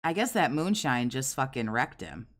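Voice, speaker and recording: A woman's voice: extremely low pitch, big pitch swings, normal speed. A woman in her forties giving crude, sarcastic, scornful commentary over clips. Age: 40s.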